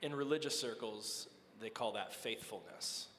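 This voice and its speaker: A man's voice: on the low side, normal speed, slight background noise. Chatty man in his forties, echoing church hall. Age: 40s. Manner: chatty, self-deprecating, warm asides with many fillers. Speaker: pastor leading liturgy. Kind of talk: casual church service talk. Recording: long echoing hall reverb.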